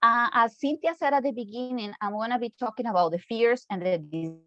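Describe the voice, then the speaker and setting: A woman's voice: a little high, a little fast, fairly bright tone, no echo, dull audio. A woman with a Costa Rican Spanish accent, whose first language is Spanish, giving an online lecture in a chatty way and often checking in with "okay?". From Costa Rica.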